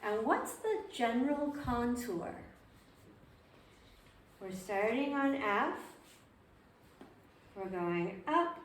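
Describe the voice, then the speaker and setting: A woman's voice: on the high side, very animated, very slow, pauses often. A woman teaching a group piano class, patiently asking her students questions and repeating their answers. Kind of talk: group music lesson. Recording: roomy, distant, faint noise.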